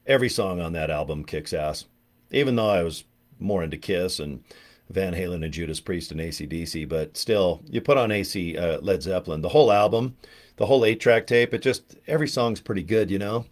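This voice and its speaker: This online marketer from California, in his fifties, speaks fairly quickly in a voice that sits low. Animated and jokey, he rambles through casual stories in a chatty monologue.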